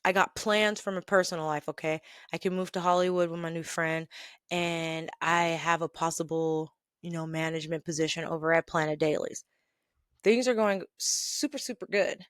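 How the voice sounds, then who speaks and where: A woman hosting a podcast, telling a workplace story in an animated, exasperated way and laughing now and then. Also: low voice, moderate pace, clean tone, no room sound, clean studio sound. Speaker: podcast host. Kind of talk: storytelling rant.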